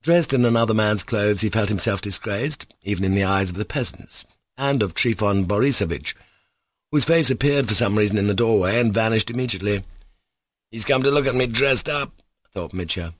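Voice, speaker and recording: A man narrating a classic novel in a steady, even storytelling manner. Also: fairly low pitch, a little fast, dry recording. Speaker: audiobook narrator. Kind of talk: scripted narration.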